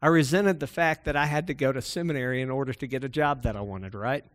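A man's voice: medium pitch, fast talker. A man preaching a sermon that starts as a personal story and builds to emphatic exhortation, speaking to a room that is also streamed online.

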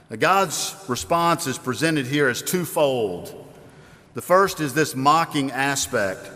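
A man's voice: mid-range voice, a bit bright. A man, a father, preaching a sermon in a conversational way, asking his listeners questions as he explains a Bible passage. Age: adult with children. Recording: long hall reverb.

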